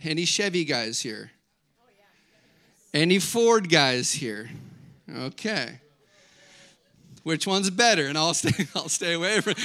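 Male pastor, high and bright, lively joking sermon delivery. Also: slow, long pauses. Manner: animated, joking storytelling preacher.

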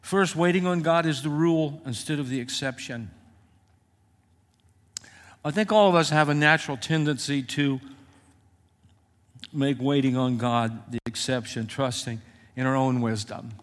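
A man preaches to his congregation, sharing personal memories with an emotional, halting delivery. His voice sits at an ordinary middle pitch. The sound carries a long reverb, as in a large church. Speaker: pastor. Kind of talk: sermon.

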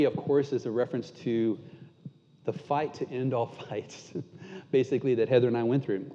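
A man preaching a sermon and telling a candid, self-deprecating story. At tender moments he drops almost to a hush. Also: medium pitch. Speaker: pastor. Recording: muffled sound with long hall reverb.

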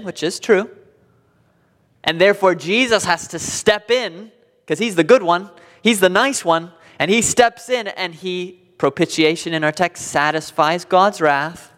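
Pastor, male, slightly high voice, emphatic sermon delivery, long hall reverb. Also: unhurried. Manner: emphatic preaching with sharp swings between loud declarations and hushed passages.

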